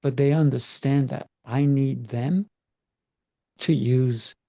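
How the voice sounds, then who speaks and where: A middle-aged man speaking as a podcast guest, deliberate and emphatic, drawing out key words. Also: mid-range voice, steady tone, creaky, dry recording, studio quality. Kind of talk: measured podcast talk.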